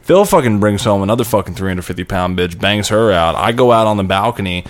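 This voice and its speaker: A young man telling crude stories in casual chat, swearing constantly and laughing his way through loud retellings. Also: lively intonation, fast. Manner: profane, rowdy, laughs into high-pitched retellings.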